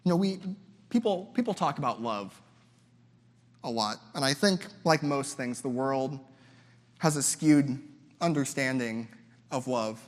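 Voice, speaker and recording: A man's voice: medium pitch, animated, unhurried, long pauses, long reverb tail. A young man preaching a sermon as a guest speaker, talking in a loose, conversational way, often mimicking other people's voices and repeating words as he goes.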